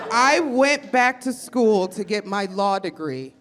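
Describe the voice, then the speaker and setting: A woman from Chicago doing a stand-up set, brash and profane, swinging from deadpan asides to loud outbursts. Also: mid-range voice, slow, hardly any pauses, crowd noise, noisy background. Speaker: stand-up comedian and teacher. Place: comedy club stage with audience.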